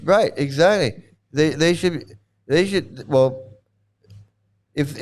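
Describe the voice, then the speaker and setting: Smooth-voiced man ranting mockingly. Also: fairly high pitch. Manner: mocking, profane, laughs often, repeats himself. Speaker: livestream host. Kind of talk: profane ranting commentary.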